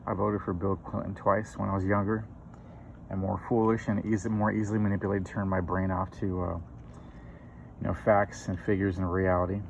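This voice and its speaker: A man's voice: sits low, little pitch movement, fairly quick, creaky. A middle-aged man hosting his own channel, giving a political opinion monologue with many fillers and restarts. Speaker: channel host. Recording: dull lo-fi recording with faint noise.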